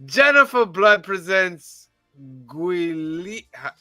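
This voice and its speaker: A man hosting a casual podcast, reading titles off a list in a measured, deadpan way with wry asides. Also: sits high, no room sound, faint music behind. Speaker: podcast host reading the weekly release list.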